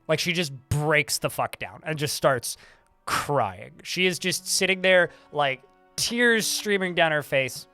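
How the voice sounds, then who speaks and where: A man's voice: a little high, expressive, slow, sharp tone, clean tone, faint music behind. A man live-streaming a game, telling a rambling story in a chatty, casual way with mild swearing.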